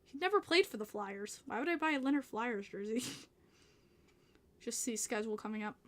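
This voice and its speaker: A woman's voice: a little high, animated, normal speed, fairly bright tone. A woman with a Long Island New York accent, hosting a casual livestream podcast and chatting with viewers, laughing often. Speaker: podcast host reading live chat.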